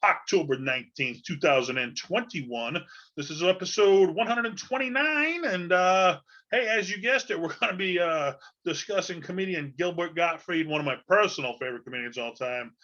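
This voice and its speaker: A man's voice: sits high, moderate pace, sharp tone. A man hosting a podcast in a casual, rambling monologue full of fillers and loose talk, on a dull lo-fi recording. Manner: rambling, chatty, loose with fillers and mild swearing. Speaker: podcast host.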